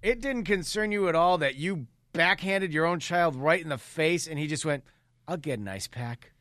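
A man's voice: on the high side, moderate pace, a bit bright, no room sound, studio quality. A man co-hosting a podcast in casual chat, teasing his co-host with joking questions.

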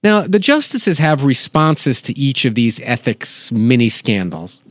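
A man's voice: medium pitch, sing-song, a little slow, no room sound. A man hosting a political podcast, delivering sardonic commentary and reading quotes aloud with asides. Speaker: podcast host.

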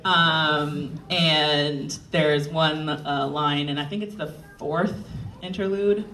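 An author talking casually on a panel, rambling and hesitant with many ums. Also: male voice, fairly high pitch, fairly even intonation, slow pace, bright, forceful tone, reverberant. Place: live event stage. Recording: distant mic, faint noise.

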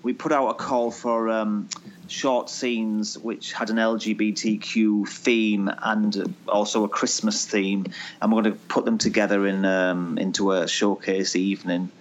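A man's voice: lowish voice, flat delivery, a little slow. An Irish man and actor, a guest in a casual interview, dry and brief in his answers. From Ireland. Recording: dull lo-fi sound.

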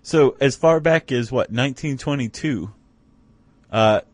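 A man's voice: medium pitch, a little slow, no echo. A man co-hosting a podcast in casual conversation, chatty and wry, often restarting his sentences with fillers. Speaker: podcast co-host.

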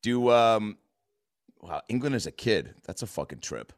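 An American man in his thirties, rambling in a profane, animated way through a casual podcast chat. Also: lowish voice, unhurried, no room sound, studio quality. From United States.

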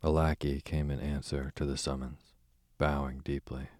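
A man narrating an audiobook in a measured, even reading. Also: rumbling low, no room sound, studio quality. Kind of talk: scripted narration.

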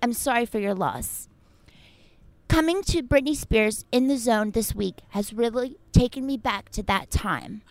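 A woman's voice: fairly high pitch, lively intonation, unhurried, no echo. A woman doing a comic impression of a famous pop star reading fan mail in a stilted, muddled, affected accent. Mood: mock-formal.

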